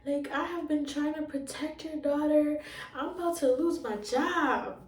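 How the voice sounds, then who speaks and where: Woman doing an urgent pleading social worker, raised higher voice, roomy echo, far from the mic. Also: a little slow. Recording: roomy sound from a distant mic.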